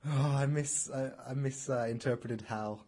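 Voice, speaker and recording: A husky-voiced man hosting a casual radio show from the studio. He jokes at his own expense and keeps the segments moving along. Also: medium pitch, steady tone, moderate pace, mellow. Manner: joking, self-mocking, steers the show. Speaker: radio host.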